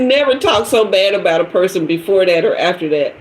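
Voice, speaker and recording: A woman hosting a live stream, telling a story in loose, slangy talk. Her pitch rises and falls widely, and laughter keeps breaking into the telling. The room around her is echoey, with faint noise underneath. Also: animated, fairly quick. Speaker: tarot live stream host. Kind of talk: casual storytelling to a live audience.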